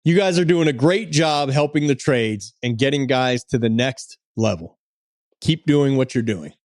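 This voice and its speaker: A man's voice: medium pitch, animated, normal speed, a little mellow, no echo, studio quality. A man co-hosting a podcast, talking in an upbeat, chatty, joking way, slipping into casual ad reads. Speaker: podcast co-host. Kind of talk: casual podcast chat and ad read.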